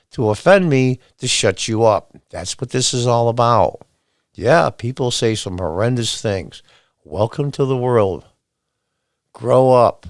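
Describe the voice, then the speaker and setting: A man's voice: mid-range voice, dry recording. A man delivering a commentary monologue with a blunt, exasperated edge and plenty of sarcasm. His voice sits mid-range and sounds dry and close, with little room around it. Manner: reads quotes aloud, then rants back at them. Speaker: podcast host.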